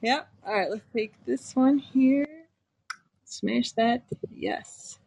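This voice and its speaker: A woman's voice: a little high, slow pace, creaky, darkish tone, husky, no echo. Chatty female podcast host, dry close sound. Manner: chatty, laughs often, narrates her button clicks. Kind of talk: casual live podcast chat.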